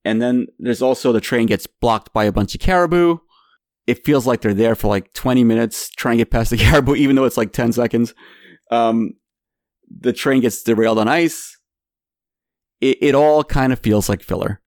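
A man's voice: mid-range voice, moderate pace, darkish tone, no room sound, clean studio sound. A man casually reviewing a film as a podcast host, often repeating words as he starts his sentences.

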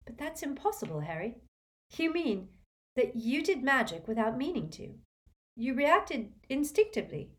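A woman voicing a clever, gentle teenage girl witch in a storybook reading, in a soft questioning way. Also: high-pitched, big pitch swings, moderate pace, pitched above the performer's own voice. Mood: doubtful.

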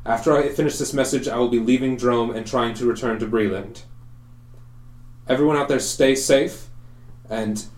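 A man's voice: mid-range voice, steady tone, normal speed, darkish tone, natural voice. A man voicing a half-elf messenger who gives an earnest warning, in a roomy, echoing room. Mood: urgent. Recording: roomy echo.

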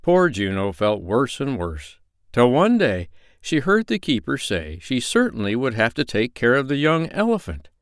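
A man reading a children's animal story aloud in a lively, expressive way. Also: mid-range voice, moderate pace, clean tone, dry recording, studio quality. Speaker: narrator.

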